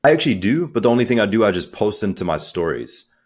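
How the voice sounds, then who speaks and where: A man speaking as a coach in a podcast interview, energetic and conversational, acting out little quotes as he talks. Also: lowish voice, fast talker, slightly rough. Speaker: guest, transformational coach.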